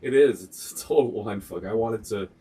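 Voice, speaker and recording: Low-voiced man, measured and hesitant. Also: warm tone, husky. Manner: measured, hesitant, many uhs and ums. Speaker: guest, host's partner. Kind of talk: casual conversation.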